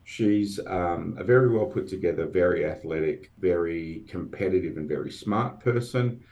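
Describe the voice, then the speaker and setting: A man's voice: sits low, moderate pace, a little mellow. A man hosting a podcast in casual chat, wry and self-deprecating. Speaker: podcast host.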